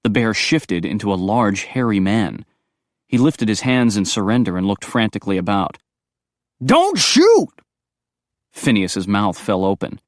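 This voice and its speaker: A man reading audiobook narration in a brisk, expressive storytelling manner. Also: fairly low pitch, no room sound, studio quality.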